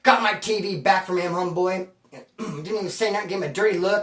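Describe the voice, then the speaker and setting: A man's voice: sits high, fairly quick, a bit bright, distant mic. A man casually telling a prison story to camera in profane, rambling street slang. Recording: roomy echo, voice off-mic.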